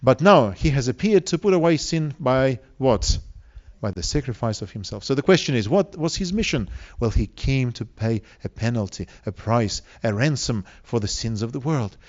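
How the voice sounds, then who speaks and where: A man's voice: mid-range voice, lively intonation, moderate pace. Earnest male preacher, dull lo-fi sound. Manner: earnest, asks the congregation questions. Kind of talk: sermon.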